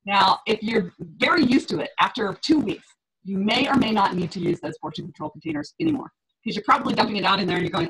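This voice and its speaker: A woman's voice: medium pitch, animated, fast talker, background noise. A middle-aged woman fitness coach on a group call, talking in a chatty way, laughing often and acting out her clients' reactions.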